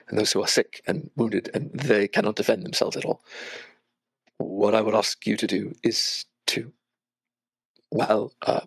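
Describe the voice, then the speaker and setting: A young man narrating as game master, measured and earnest, with small hesitations. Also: on the low side, no room sound.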